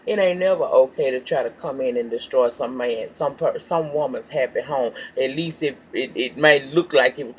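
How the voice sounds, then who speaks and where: A woman's voice: extremely low pitch, slight background noise. A woman recapping a reality show episode in a casual, gossipy way, swearing freely and calling her listeners child and baby. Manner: profane, animated storytelling, calls listeners child and baby.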